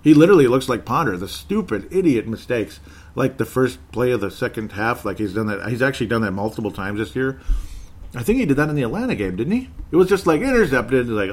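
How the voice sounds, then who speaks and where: A man's voice: medium pitch, big pitch swings, fast talker. Male sports podcast host, loose and rambling, reads listener comments, trips over names and laughs it off. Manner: rambling, self-correcting, laughs often. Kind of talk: casual live chat reading listener comments.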